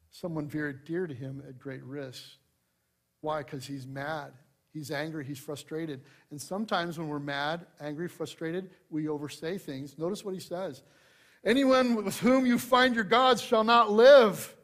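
A man preaching a sermon, shifting from loud emphasis to hushed asides, conversational with light humor. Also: on the high side. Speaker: pastor.

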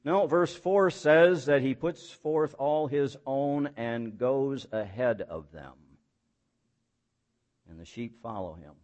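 A man's voice: medium pitch, takes it slowly, darkish tone. A pastor preaching a sermon in a mid-range male voice. He builds to emphatic points with rhetorical questions and falls back to plain, folksy, self-deprecating asides.

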